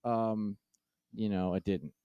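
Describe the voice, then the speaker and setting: A man's voice: fairly low pitch, takes it slowly, clean tone, no echo, highs cut off. A man co-hosting a comedy podcast, talking casually with frequent hesitations. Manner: hesitant, many ums and uhs. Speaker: podcast co-host.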